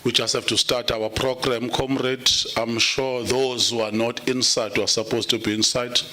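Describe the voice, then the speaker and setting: A man's voice: medium pitch, little pitch movement, moderate pace, bright, forceful tone. A man chairing a political meeting, mixing English and Zulu and calling the audience comrade. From South Africa. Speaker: program director. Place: conference hall.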